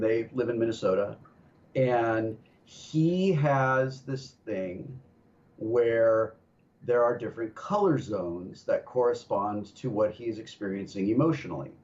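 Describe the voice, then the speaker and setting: A man's voice: mid-range voice, a little mellow, dull audio. A man appearing as a guest on a livestream, talking in an easygoing, supportive way. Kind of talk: casual stream conversation.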